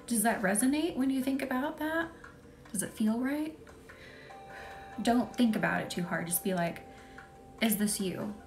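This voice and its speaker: A woman's voice: a little high, lively intonation, measured pace, pauses often. Chatty young woman reiki host. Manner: chatty, giggly, drifts into soft whispers. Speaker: reiki practitioner hosting a live session. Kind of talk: casual live-stream chat with guided energy work. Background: soft music.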